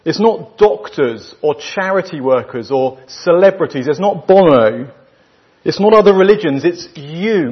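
A man with a British accent preaching a sermon to a church, emphatic and full of rhetorical questions, leaving weighty pauses between his phrases. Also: on the high side, breathy edge. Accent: British English. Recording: dull lo-fi recording.

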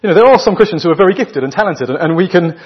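A man with a British accent preaching a sermon to a church, emphatic and full of rhetorical questions, leaving weighty pauses between his phrases. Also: sits high, expressive, husky. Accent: British English. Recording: dull lo-fi recording.

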